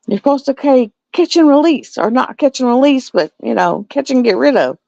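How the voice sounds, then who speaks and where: A middle-aged woman tells a story on a livestream, and her voice jumps all over the place. It sits fairly high, with a gravelly edge. The sound is dull and lo-fi, with no room echo. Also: fairly quick, hardly any pauses. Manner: animated storytelling with laughs. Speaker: livestream host. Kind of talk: casual chat.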